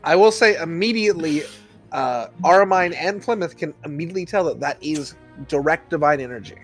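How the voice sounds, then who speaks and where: A man's voice: fairly high pitch, lively intonation, fairly quick, faint music behind. A man narrating as game master for an online tabletop game, with a wry, laughing delivery.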